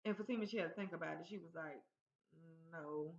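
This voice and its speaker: A woman's voice: lowish voice, racing, vocal fry. A woman hosting her own channel, casually recapping a TV episode in a chatty storytelling way and acting out the characters' lines. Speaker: TV recap host. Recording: roomy, dull lo-fi sound.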